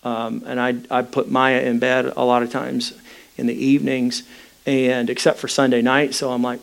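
A pastor preaching a sermon, telling a personal story in a candid, conversational way. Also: male voice, mid-range voice, little pitch movement, unhurried, vocal fry, smooth.

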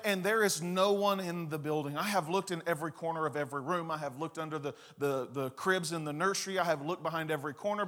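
A man preaching a sermon, telling a personal story with lively, acted-out scenes and asides to the congregation. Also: sits high. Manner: animated storyteller, acts out scenes and quotes. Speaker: pastor.

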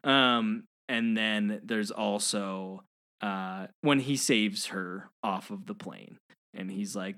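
A man casually discussing a movie with a friend, animated, often jumping into high-pitched character impressions. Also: measured pace. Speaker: podcast co-host.

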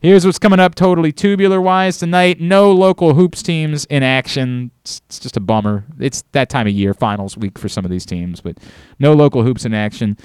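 A man's voice: medium pitch, normal speed, darkish tone, clear, resonant tone, no echo. A man hosting a sports radio show in casual chat, brash and teasing, swinging between mock outrage and laughter into a studio microphone.

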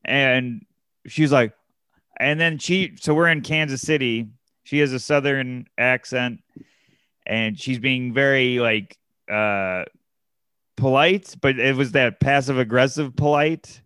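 A man's voice: medium pitch, takes it slowly, bright, forceful tone, smooth, dry recording, studio quality. A man casually telling a long anecdote, with many fillers and restarts. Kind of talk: casual chat, storytelling.

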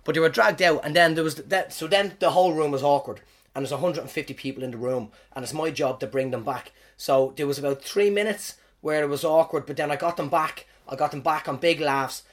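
An Irish comedian hosting his podcast, telling stories about his gigs in an animated, swearing, self-mocking way. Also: a little high, brisk. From Ireland. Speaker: stand-up comedian, podcast host. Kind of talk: casual storytelling monologue.

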